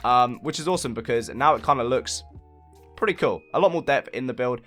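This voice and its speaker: A laid-back man narrates his building tutorial as he plays. He rambles along with plenty of ums and uhs, pokes fun at himself, and sits at a mid-range pitch over faint background music. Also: fairly quick, a bit bright. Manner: chatty, rambling, lots of fillers; laid-back, self-mocking. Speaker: game building channel host. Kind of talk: casual gameplay building tutorial.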